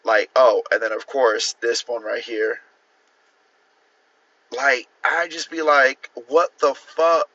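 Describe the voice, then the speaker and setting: Man host reacting on a live stream, laughing and cursing, bright voice, muffled lo-fi sound. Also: medium pitch, takes it slowly, long pauses. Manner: laughing often, incredulous, profane. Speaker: livestream host. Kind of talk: casual livestream chat reacting to posts.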